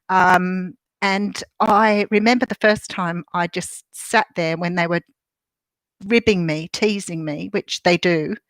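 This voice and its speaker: A middle-aged woman with an Australian accent chats on a live stream and greets viewers by name between thoughts. Her voice sits at an ordinary middle pitch. The sound is dry and close, with no room around it. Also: a bit bright, no room sound, low-quality recording. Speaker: livestream host. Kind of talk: casual live chat talking to viewers.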